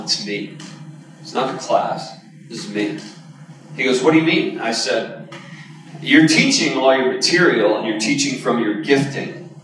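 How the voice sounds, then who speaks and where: A man's voice: mid-range voice, fairly bright tone, a little hiss or hum. A man preaching a sermon, telling a personal story in a candid, conversational way with emphatic bursts. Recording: echoey hall, voice from a distance.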